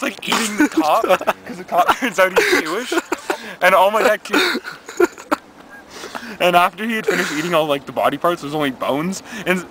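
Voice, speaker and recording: A man's voice: sits high, bright, forceful tone, slight background noise. A young man telling a comedic story casually, rambling with fillers and stifled laughs. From Canada. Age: young adult.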